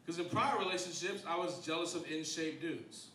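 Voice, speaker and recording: A man in his thirties doing a stand-up comedy set, wry and self-deprecating, jumping into high voices for punchlines. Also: normal speed, bright, forceful tone, a little hiss or hum. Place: comedy club stage. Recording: echoey club from a distance, hall mic. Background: audience laughter.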